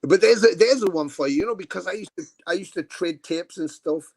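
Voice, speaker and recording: A man's voice: sits high, a little fast, vocal fry, no room sound. Rambling middle-aged man telling stories. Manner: rambling anecdotes, frequent fillers and casual swearing. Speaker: guest musician. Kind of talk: casual interview storytelling. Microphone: video call.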